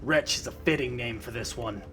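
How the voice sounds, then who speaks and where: A man voicing a gruff, menacing hobgoblin warlord who speaks in a slow, threatening way during a tabletop game. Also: medium pitch, over music, pitched below the performer's own voice, close to an everyday voice.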